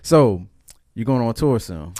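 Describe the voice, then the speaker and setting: A man hosting a casual interview, relaxed and agreeable and quick to laugh. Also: mid-range voice, dry recording, studio quality. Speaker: interview host.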